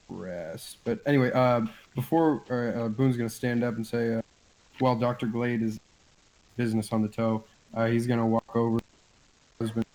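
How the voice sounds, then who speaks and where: A man's voice: medium pitch, darkish tone, poor audio. A man playing a tabletop game, describing his character's actions hesitantly with many fillers. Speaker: player. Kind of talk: casual tabletop play.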